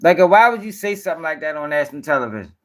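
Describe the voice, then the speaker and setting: A man's voice: a little high, animated, rapid-fire, fairly bright tone. A man hosting a livestream commentary show, talking bluntly and profanely and firing back directly at viewers in the chat.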